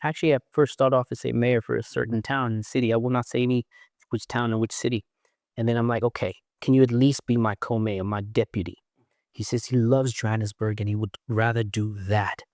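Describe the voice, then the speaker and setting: A man's voice: mid-range voice, fast, no room sound, clean studio sound. A South African man, a guest and former mayoral candidate, telling stories in a casual interview and mimicking other people's voices. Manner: animated storyteller who mimics other voices.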